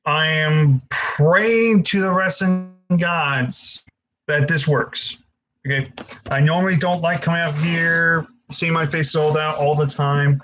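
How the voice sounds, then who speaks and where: A man's voice: fairly high pitch, a bit bright, muffled recording. A young man hosting a casual live-stream Q&A, frustrated and stammering, swearing often as he answers viewers.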